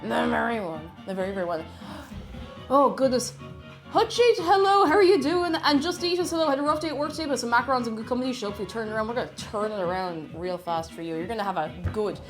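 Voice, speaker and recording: A bubbly woman hosts a live stream, greeting viewers and reading their messages aloud. Her fairly high voice swings into a sing-song lilt when she greets people. Soft music plays quietly underneath. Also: expressive, quick pace.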